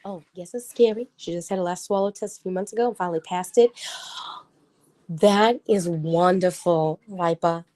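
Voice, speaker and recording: A woman in her thirties hosts a casual livestream, chatting with viewers in a lowish, slightly mellow voice at normal speed. As she goes on, she gets heated and starts ranting.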